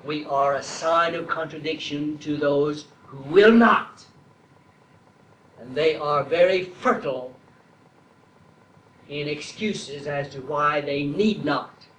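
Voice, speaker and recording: A man preaching a sermon slowly and deliberately, building to emphatic, repeated declarations. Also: fairly high pitch, a bit bright, echoey room, distant mic, slight background noise, poor audio. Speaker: traditionalist Catholic preacher.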